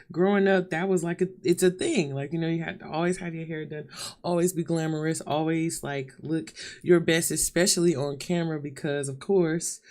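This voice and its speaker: A woman's voice: deep voice, darkish tone. A woman vlogging live to camera, chatting openly and casually with her viewers and calling them y'all and honey. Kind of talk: candid live-stream chat to viewers. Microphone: camera mic.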